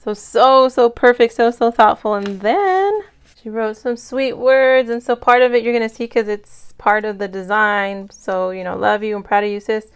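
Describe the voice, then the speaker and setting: Teary woman gushing over happy mail, smooth clear voice, casual vlog. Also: a little high, normal speed. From United States. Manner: gushing, emotional, grateful. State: near tears. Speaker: budget vlogger.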